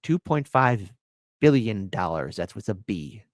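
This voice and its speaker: A man hosting political commentary, mocking and animated, jumping between voices. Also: on the low side, a little slow, dry recording.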